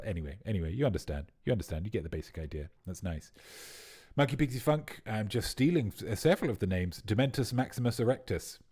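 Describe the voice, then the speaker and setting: Playful man hosting a quiz, fairly low voice. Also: a little mellow. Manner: playful, rambling riffing on viewers' answers. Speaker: quiz host. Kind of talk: livestream chat with viewers.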